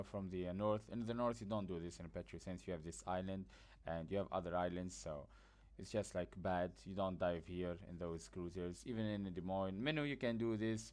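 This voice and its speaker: A man with a very low voice talks through a game map in loose, casual tutorial style. He sounds sleepy, like he just woke up, and he is blunt and rambling, leaning on fillers between points. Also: a little mellow. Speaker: gaming guide creator. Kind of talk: casual gameplay tutorial commentary.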